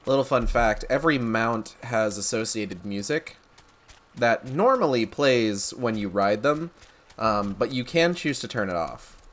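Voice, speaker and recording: A man's voice: mid-range voice, animated, unhurried, a bit bright. A man streaming a game, chatting casually, joking and swearing as he plays. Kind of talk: casual gameplay commentary.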